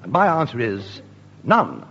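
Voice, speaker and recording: A man performing a deadpan mock science lecture in a radio sketch comedy. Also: mid-range voice, a little slow, gravelly. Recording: dull old radio recording with hiss.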